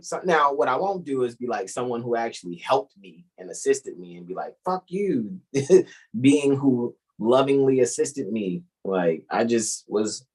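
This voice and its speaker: Man, husky voice, blunt, profane, preachy podcast co-host. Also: mid-range voice, a little mellow, low-quality recording. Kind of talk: casual podcast chat.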